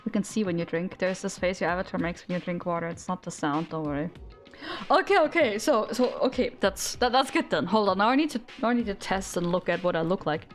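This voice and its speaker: A woman's voice: on the low side, quick pace, soft background music. A young woman streamer chatting casually with her audience, giggling and rambling in a self-deprecating way. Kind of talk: casual live-stream chat.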